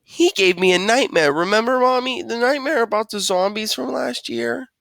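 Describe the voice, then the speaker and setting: A man voicing a whiny, excitable little boy in a storybook read-aloud, with high squeaky dialogue and an acted-out scream. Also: normal speed, gravelly, dry recording, clean studio sound, heavily acted. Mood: eager. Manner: wails and acts out a scream.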